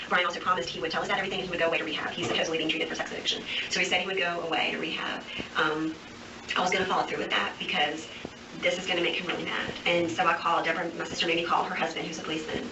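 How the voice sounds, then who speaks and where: A woman giving a recorded statement to police, rambling on without pause and full of fillers. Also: lowish voice, flat delivery. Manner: rambling nonstop, many fillers. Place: police interview room. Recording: echoey, distant, noisy interview room recording.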